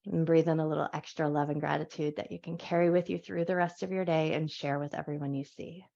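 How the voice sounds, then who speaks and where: A woman teaching a live yoga class on a clip-on mic, giving soft, soothing guided cues. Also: deep voice, fairly even intonation, fast talker, creaky. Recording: dull lo-fi live class audio.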